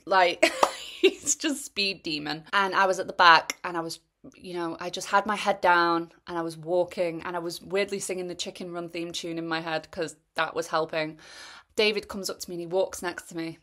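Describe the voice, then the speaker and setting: A woman's voice: fairly low pitch, flat delivery, fairly quick, pushed and bright. A young woman telling a rambling, chatty story about running an ultra race. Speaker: runner reviewing a race. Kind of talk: casual spoken race recap.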